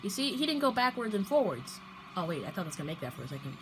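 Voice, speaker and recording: A young woman commentating her own gameplay, playful and prone to loud outbursts and strings of repeated protests. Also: mid-range voice, big pitch swings, very fast, noisy background. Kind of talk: excited gaming commentary.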